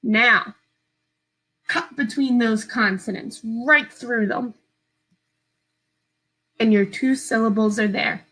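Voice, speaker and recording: A woman teacher giving a slow, patient, step-by-step phonics lesson to young children from home. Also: a little high, sharp tone, poor audio.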